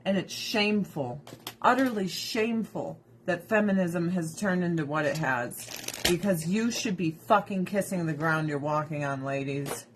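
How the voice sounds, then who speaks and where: A woman's voice: fairly low pitch, normal speed, background noise. Blunt, cursing woman ranting. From United States. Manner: blunt, profane, opinionated ranting. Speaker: livestream host. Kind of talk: casual livestream chat. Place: at home with pets.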